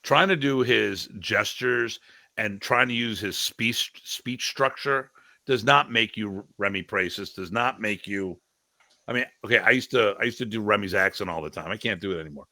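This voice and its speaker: Gravelly, bright-voiced storytelling man. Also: fairly low pitch, moderate pace, no echo. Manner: animated storyteller, mimics others' voices. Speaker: martial arts instructor and guest. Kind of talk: casual podcast discussion.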